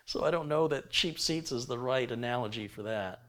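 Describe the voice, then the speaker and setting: A man's voice: mid-range voice, fairly bright tone. A middle-aged man, hosting a live tech stream in a casual, chatty way and reading viewer donations aloud. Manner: chatty, laughs easily, reads viewer messages aloud.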